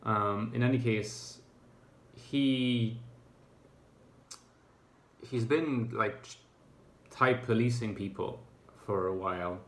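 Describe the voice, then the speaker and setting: A man's voice: on the low side, takes it slowly, long pauses. A man talking to camera in a reflective, casual monologue, thoughtful and hesitant, with many fillers and restarts. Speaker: YouTuber. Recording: echoey room.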